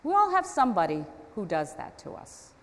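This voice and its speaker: Lively woman preacher in an echoing hall. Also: medium pitch, brisk. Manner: animated, conversational, self-deprecating asides. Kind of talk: storytelling sermon. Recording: long hall reverb.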